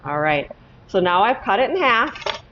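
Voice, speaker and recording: A woman's voice: medium pitch, very animated, measured pace, fairly bright tone, highs cut off, a little hiss or hum. A woman teaching a cooking lesson in her kitchen, talking step by step and often checking in with "okay?". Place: home kitchen.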